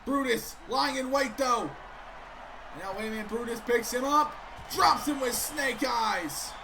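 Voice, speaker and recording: A man doing excitable play-by-play commentary of a wrestling video game, keeps breaking off with sudden interruptions. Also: very high-pitched, unhurried, background noise.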